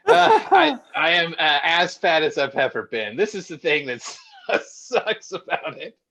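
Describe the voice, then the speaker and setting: A man's voice: a little high, big pitch swings, a little slow, sharp tone. A man chatting casually as a podcast co-host, sheepish and self-mocking, laughing often. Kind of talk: casual chat.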